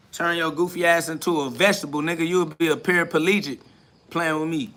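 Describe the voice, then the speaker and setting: A man's voice: high voice, brisk, bright, forceful tone. A man hosting a live stream, boasting and trash-talking in a preachy, repetitive way, answering viewers' comments.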